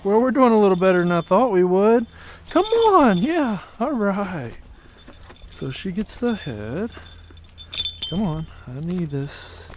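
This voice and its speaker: A man narrating a casual vlog outdoors as a falconer, talking quietly and patiently and coaxing his bird between remarks. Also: high voice, expressive, moderate pace, slight background noise. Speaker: falconer training a hawk. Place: outdoors among trees.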